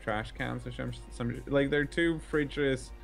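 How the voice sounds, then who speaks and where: A man's voice: mid-range voice, steady tone, unhurried, creaky, faint music behind. A man chatting casually as a co-commentator on a game playthrough, hesitant and often trailing off mid-sentence. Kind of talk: casual chat over a game.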